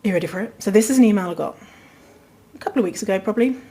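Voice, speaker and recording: A woman's voice: medium pitch, lively intonation, racing, warm tone. A woman hosting her own podcast, chatting casually and rambling, with plenty of fillers and frequent swearing. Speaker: podcast host. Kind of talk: casual chat. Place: rented apartment during quarantine.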